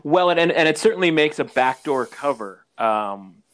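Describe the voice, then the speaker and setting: A man's voice: a little high, lively intonation, normal speed, fairly bright tone. Man hosting a casual podcast. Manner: affable, brief reactions, rambling questions. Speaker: podcast host. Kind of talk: casual interview.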